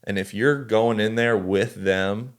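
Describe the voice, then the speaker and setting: Low-voiced dude chatting on a podcast, earnest, keeps restarting his sentences. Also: fairly even intonation, slow. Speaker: tour photographer and videographer. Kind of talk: casual podcast chat.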